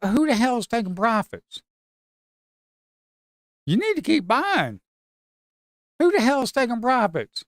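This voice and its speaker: A man, commenting live on his own futures trades. He swings from shouting at the market to muttering to himself. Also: very high-pitched, very animated, unhurried, long pauses, dry recording, clean studio sound. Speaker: live trading streamer.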